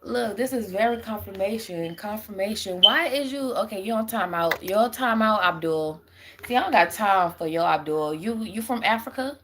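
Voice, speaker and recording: A woman's voice: mid-range voice, normal speed, noisy background. A young adult woman on a live stream who rambles, swears and laughs often while answering her chat as a spiritual reader.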